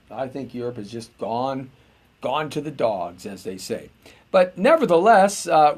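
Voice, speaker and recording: A middle-aged American man with a slightly husky voice hosts a live stream, his pitch swinging up and down as he talks. He rambles from thought to thought, full of "uh"s and little self-interruptions. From United States. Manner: meandering, chatty, frequent filler words and self-interruptions. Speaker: host.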